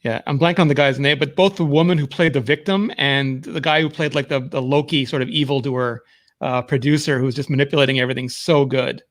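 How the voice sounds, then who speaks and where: A man's voice: medium pitch, steady tone. A man joining a livestream over a video call, eagerly retelling things he has watched in casual chat. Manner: eager, rapid storytelling.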